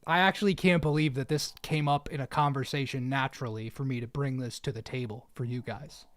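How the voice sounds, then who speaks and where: A man casually chatting on a live stream while gaming, jokey and rambling, quick to laugh at himself. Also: medium pitch, steady tone, fairly bright tone.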